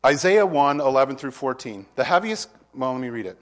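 A man's voice: medium pitch, lively intonation, fairly quick, few pauses. A male preacher working through a passage verse by verse. He talks with his congregation in a casual way and puts questions to them. When he reads scripture aloud, his emphasis builds. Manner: conversational, asks the congregation questions. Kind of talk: verse-by-verse sermon.

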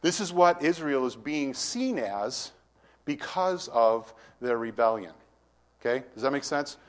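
A middle-aged man preaches with an expressive, teaching manner, swinging between loud emphasis and quiet asides. His voice sits at an ordinary middle pitch. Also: a little slow. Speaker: pastor. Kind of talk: sermon.

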